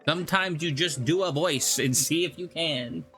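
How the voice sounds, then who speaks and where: A man's voice: fairly high pitch, normal speed, pushed and bright, soft background music. A man streaming a video game, chatting casually and joking between lines. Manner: joking, laughing easily. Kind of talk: casual chat while playing a game.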